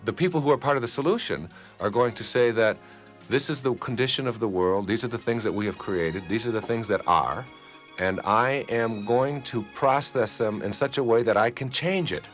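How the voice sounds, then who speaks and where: A man's voice: mid-range voice, moderate pace, soft background music. A middle-aged man giving a motivational lecture, telling anecdotes and acting out the people he quotes. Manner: animated storyteller, acts out quoted people. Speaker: motivational speaker.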